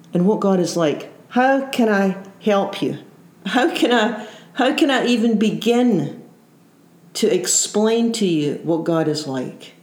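A woman's voice: on the high side, a little mellow. Woman voicing an earnest male teacher challenging critics. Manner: earnest, questioning. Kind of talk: sermon. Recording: roomy echo.

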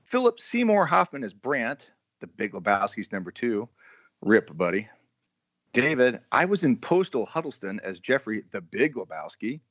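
A man's voice: medium pitch, big pitch swings, moderate pace, a bit bright, breathy edge, no room sound. A man hosts a loose movie podcast and reads through the cast list with running jokes. His voice sounds dry and close, with no room around it. The sound is a bit dull and muffled. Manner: jokey, stumbles and repeats words. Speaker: podcast host. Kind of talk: casual movie podcast chat.

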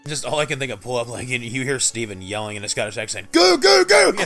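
A man co-hosting a podcast, telling jokey stories and laughing as he talks. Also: mid-range voice. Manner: jokey storyteller, laughs while talking. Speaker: podcast co-host. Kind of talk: casual podcast chat.

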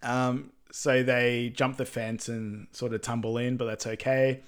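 A man's voice: mid-range voice, a little slow, smooth. Easygoing man recapping from his notes. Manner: relaxed, many ums, reads from notes. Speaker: podcast co-host. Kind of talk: casual film recap chat.

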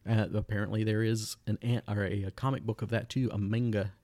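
A man's voice: on the low side, level tone, a little fast, darkish tone, no echo. A man hosting a casual podcast chat, steering the segments and dropping in short remarks. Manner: steers the segments, brief interjections. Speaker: podcast host.

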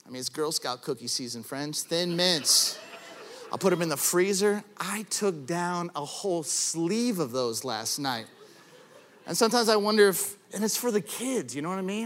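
A man preaching a sermon as pastor, telling stories with self-deprecating humor and rising to shouts for emphasis. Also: high voice, normal speed. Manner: animated storyteller, rises to shouting for emphasis.

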